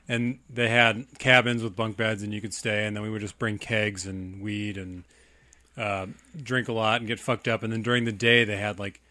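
A man's voice: lowish voice, bright, forceful tone, no echo. A young man on a podcast, casually telling a rambling story and laughing often. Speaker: podcast co-host. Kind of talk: casual chat.

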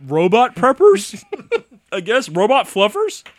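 A man's voice: sits high, wildly swooping pitch, takes it slowly, dry recording. A man casually riffing on a movie with friends, crude and laughing often. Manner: crude, laughs often, breaks into goofy voices.

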